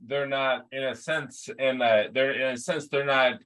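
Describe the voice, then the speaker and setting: Male podcast host, mid-range bright tone, halting and searching for words. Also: mid-range voice, fairly even intonation. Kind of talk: casual interview conversation.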